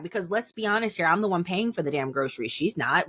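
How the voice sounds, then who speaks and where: A woman in her thirties hosting a podcast, telling a story candidly and acting out the other voices with big jumps in pitch, swearing freely. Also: brisk, few pauses, a bit bright. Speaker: podcast host.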